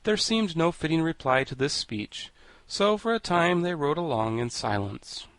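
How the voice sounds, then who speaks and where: A man reading a classic children's novel aloud as audiobook narrator, in an even, measured storytelling manner. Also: on the high side, no room sound.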